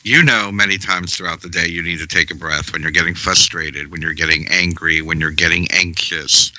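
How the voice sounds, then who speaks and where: A man giving a calm, measured spiritual talk, guiding listeners through breathing with long pauses. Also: sits low, no room sound, rough recording. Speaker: spiritual teacher. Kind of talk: slow meditative talk.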